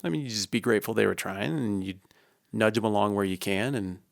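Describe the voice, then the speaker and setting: Low gravelly guy chatting on a podcast, asks lots of questions, jokes around, dry close mic. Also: brisk, dry recording. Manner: curious, jokey, asks questions. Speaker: podcast co-host. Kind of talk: casual chat.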